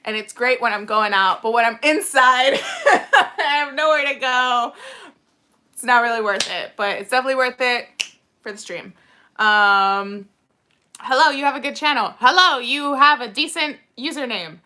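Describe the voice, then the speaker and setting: A giggly young woman chatting on a livestream, her voice bright and a touch high. She rambles playfully and swings her pitch all over, sounding a little tipsy. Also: expressive, moderate pace, slight background noise. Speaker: livestream host. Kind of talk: casual watch-along livestream chat.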